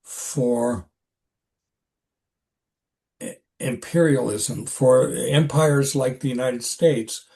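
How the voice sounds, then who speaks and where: An older man with a medium-pitched voice recounts an old experience in a relaxed interview. He talks in a halting, rambling way, circling back with fillers and restarts as he goes. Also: gravelly. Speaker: actor, podcast guest. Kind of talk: casual interview storytelling.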